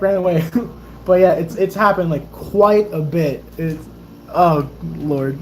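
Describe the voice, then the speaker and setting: A young man in his twenties, a Navy sailor and YouTuber, casually telling stories in a livestream Q&A and acting out other people's excited voices. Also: high voice, a little hiss or hum. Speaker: YouTuber and Navy sailor answering viewer questions.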